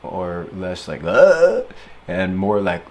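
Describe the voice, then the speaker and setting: A young man talking casually about handling stress, playful and animated, often slipping into silly voices and acted-out quotes. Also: fairly low pitch, moderate pace. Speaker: speaker reflecting on stress. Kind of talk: casual reflective monologue.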